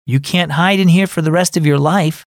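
A man voicing a big, gentle uncle in a children's audio story, speaking earnestly and consolingly to his grieving nephew. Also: a little high, fairly even intonation, normal speed, no echo, clean studio sound, pitched above the performer's own voice, close to an everyday voice. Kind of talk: scripted children's radio drama.

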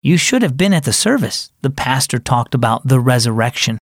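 A man voicing a big, gentle uncle in a children's audio story, speaking earnestly and consolingly to his grieving nephew. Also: medium pitch, big pitch swings, brisk, dry recording, clean studio sound. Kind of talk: scripted children's radio drama.

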